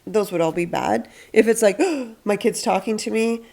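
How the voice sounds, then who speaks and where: A woman counsellor hosting a podcast, explaining calmly and acting out what parents say. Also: mid-range voice, moderate pace, vocal fry. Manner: explains patiently, acts out parents' lines. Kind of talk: casual advice chat.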